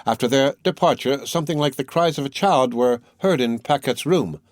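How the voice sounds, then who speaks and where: A man's voice: medium pitch, normal speed, dry recording, studio quality, natural voice. A man voicing a grieving woman who tells a sad tale in an earnest, storytelling way. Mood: sorrowful. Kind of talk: scripted narration.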